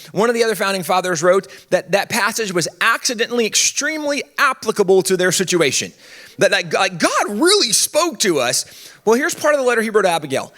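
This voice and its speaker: A man speaking at a conference, telling history in a humorous, conversational way with quick asides. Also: sits high, sing-song, fairly bright tone. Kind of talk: animated conference talk. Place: conference stage.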